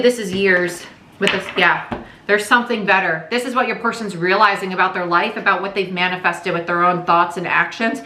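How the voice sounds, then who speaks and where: A woman's voice: on the low side, pushed and bright, echoey room, slight background noise. A woman giving a casual, chatty tarot reading, speaking candidly and swearing now and then. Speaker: tarot reader.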